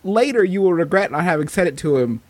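A man's voice: high voice, animated, fast. A man co-hosting a comedy podcast, joking around and reading out listener questions. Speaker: podcast co-host. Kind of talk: casual comedic banter.

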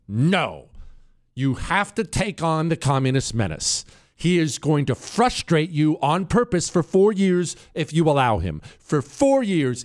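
A male talk radio host delivers an emphatic, ranting monologue. His voice sits a little high for a man and swings widely in pitch. He mocks the people he quotes in a whiny tone. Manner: mimics others in whiny quotes. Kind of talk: opinion monologue.

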